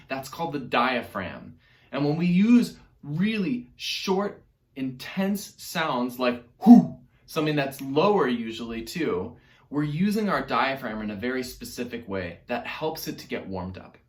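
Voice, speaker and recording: A man's voice: mid-range voice, a bit bright. A man teaching an online music lesson to young children, upbeat and encouraging as he speaks straight to the kids. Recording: roomy echo with faint music.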